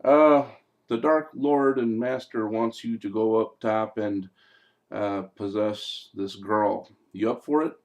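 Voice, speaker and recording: A man's voice: lowish voice, fairly even intonation, slow pace. A man voicing a bossy male chief demon who teases an underling in a casual, offhand way.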